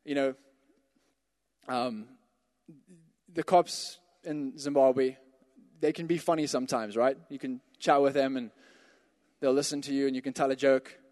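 A pastor telling a personal story in a sermon, rising to emphatic calls to the congregation. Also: male voice, medium pitch, steady tone, measured pace, pauses often, a little mellow, in a large hall. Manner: storytelling, builds to emphatic exhortations.

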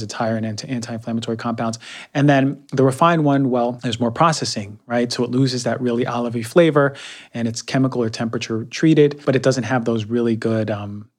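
A man's voice: medium pitch, darkish tone. A man hosting a podcast, talking casually and reviewing products, repeating himself with fillers. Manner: chatty, repeats words, many fillers. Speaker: podcast host.

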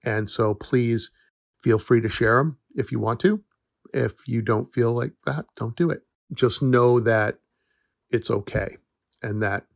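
A middle-aged podcast host who is also a forest educator speaks with vocal fry in a medium-pitched voice. His casual solo talk is earnest and reassuring, broken up by occasional laughter, and the studio recording is clean with no echo.

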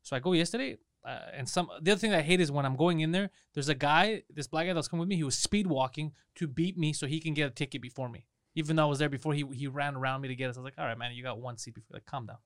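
A man rattling off a story at a fast clip, his voice smooth and clear and fairly high for a man. He swears freely and acts out both sides of the argument. The recording is dry and close-miked, as in a studio. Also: no room sound. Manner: animated, profane storyteller acting out dialogue. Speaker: podcast co-host. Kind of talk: casual storytelling.

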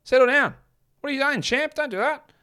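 A man putting on the voice of an exasperated male fan, chiding the host to calm down in a patronizing way. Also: very high voice, a little fast, voice pushed up.

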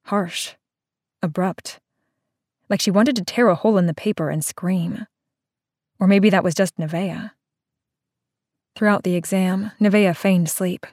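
A woman narrating an audiobook in a steady, unhurried, somber read on a close mic. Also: mid-range voice, dry recording.

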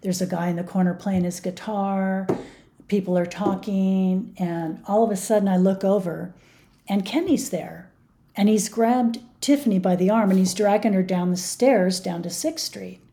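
Earnest middle-aged woman, mellow voice. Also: medium pitch, normal speed. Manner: earnest, emphatic. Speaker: guest, mother of a victim. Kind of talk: interview conversation.

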